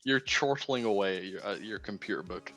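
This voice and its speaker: A man's voice: lowish voice, lively intonation, brisk, bright, forceful tone, faint music behind. A young man co-hosting a game stream, telling rambling jokes with stumbles and swearing in casual chat.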